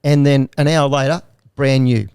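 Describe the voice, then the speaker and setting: A middle-aged man talks at an ordinary, middle pitch, telling stories in loose podcast chat. He laughs often and swears freely. The sound is dry and close. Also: fairly even intonation, normal speed, a little mellow, smooth, no room sound. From Australia. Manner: laughing, profane storyteller. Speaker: guest jockey.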